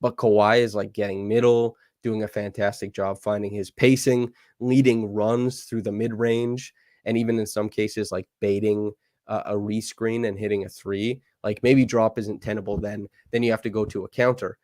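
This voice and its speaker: Lower-voiced man breaking down basketball. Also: little pitch movement, a little mellow, no room sound. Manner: fast, enthusiastic breakdown with fillers. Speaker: podcast host. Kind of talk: casual basketball analysis chat.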